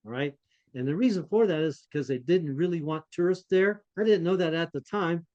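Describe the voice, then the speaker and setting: A podcast co-host tells a story in an animated, self-deprecating style. His voice rides a touch higher than most men's and he laughs at his own misadventures. The audio is muffled and lo-fi, lacking crispness. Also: a little fast. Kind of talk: casual anecdotal storytelling.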